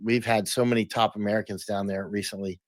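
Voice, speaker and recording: A man's voice: fairly low pitch, fairly even intonation, quick pace, dry recording. A man talking as an interview guest, emphatic, often restarting and repeating words. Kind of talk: casual interview talk.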